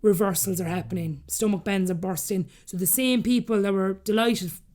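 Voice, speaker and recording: A woman in her thirties with an Irish accent who talks very fast. She tells her story in a lively, candid way and slips into the voices of the people she quotes. Her voice sits in a middle range. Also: mid-range voice. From Ireland. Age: 30s. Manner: rapid, animated, acts out quoted dialogue. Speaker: podcast guest.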